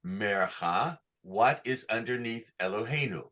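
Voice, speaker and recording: A man teaching a class on chanting, who asks patient questions and sings short phrases slowly to show how they go. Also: fairly low pitch, expressive, fairly bright tone. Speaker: cantor teaching Torah chanting. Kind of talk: online class, chanting examples.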